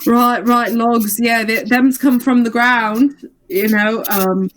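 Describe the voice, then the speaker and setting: A woman's voice: fairly high pitch, fairly even intonation, slow. A woman playing a tabletop game, playful and giggly as she talks her character through a scene. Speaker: player. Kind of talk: casual tabletop play.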